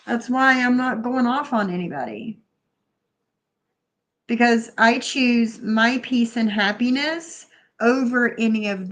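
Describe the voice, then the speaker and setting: A woman hosting a live stream, her voice pitched a little on the high side. She chats loosely with her viewers, thanking them by name and reacting to what they write in the chat. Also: fairly bright tone. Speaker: livestream host.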